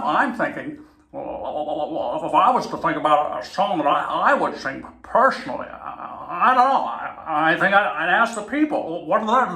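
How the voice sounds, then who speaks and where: A man's voice: a little high, pushed and bright. A man talking casually to camera, rambling, swearing and correcting himself mid-sentence. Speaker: vlogger. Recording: echoey room.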